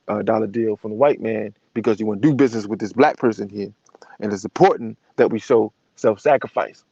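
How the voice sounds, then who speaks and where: A man's voice: lowish voice, darkish tone, no echo, muffled recording. A man giving a blunt, profane monologue to camera, acting out other people's voices as he talks.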